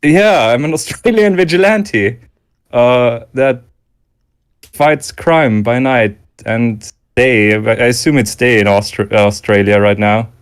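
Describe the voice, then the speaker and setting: A man chats casually with friends, spinning deadpan, rambling jokes. He often stammers and restarts his sentences. His voice sits at an ordinary middle pitch. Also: slow, clean tone. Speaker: regular guest. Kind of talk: casual chat.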